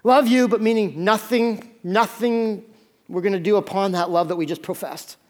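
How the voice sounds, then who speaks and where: Male pastor, fairly high voice, earnest conversational sermon delivery. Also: steady tone. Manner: earnest, conversational preaching with dramatic pauses.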